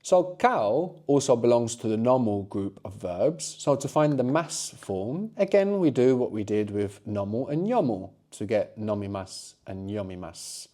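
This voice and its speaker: A middle-aged man leads a spoken language lesson in a warm, mellow voice at an even middle pitch. He explains at length and keeps checking in with quick tag questions. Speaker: language teacher.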